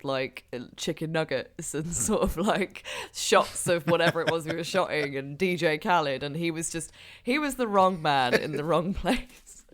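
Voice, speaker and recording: A player recalling the game in casual podcast chat, chatty and quick to laugh. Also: mid-range voice, a bit bright.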